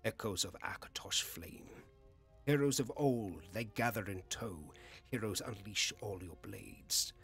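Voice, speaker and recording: A man's voice: on the low side, measured pace, fairly bright tone, soft background music, pitched below the performer's own voice. A man putting on an old man's voice to read an epic poem in a grave chant, slipping into whispers, his voice weak and strained.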